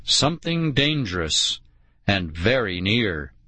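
Grim, wary male musher for an audiobook, voiced by a male reader; low, slow, insistent. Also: very animated, sharp tone, heavily acted. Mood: uneasy. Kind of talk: audiobook character voice.

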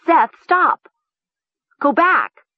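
A woman voicing a bossy teenage girl who turns shrill and stammering with panic. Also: sing-song, unhurried, husky, no room sound, muffled recording, heavily acted. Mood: panicked.

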